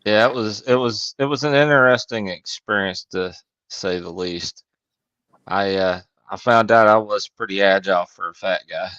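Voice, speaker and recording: A man's voice: lowish voice, moderate pace, fairly bright tone, no room sound. A man co-hosting a casual podcast, telling a work story with self-deprecating wry humor. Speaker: podcast co-host, HVAC technician. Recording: dull, dry lo-fi audio.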